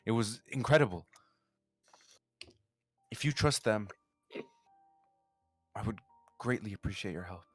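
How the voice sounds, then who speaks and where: Desperate young woman seeking allies, voiced plainly by a man; halting, pleading delivery. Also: lowish voice, animated, breathy edge, faint music behind. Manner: pleading, hesitant, many restarts. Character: desperate young woman searching for her sister.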